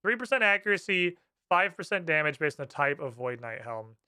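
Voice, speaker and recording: Brief: fired-up male streamer, high bright voice, swears freely, game music in the background. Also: fairly quick, smooth. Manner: animated, profane, ranting. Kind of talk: casual live-stream commentary.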